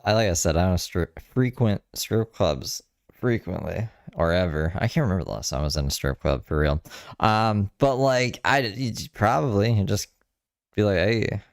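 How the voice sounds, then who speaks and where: A man's voice: on the low side, normal speed, no echo, studio quality. A man hosting a reaction show, making sarcastic, teasing remarks about a clip. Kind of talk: casual commentary.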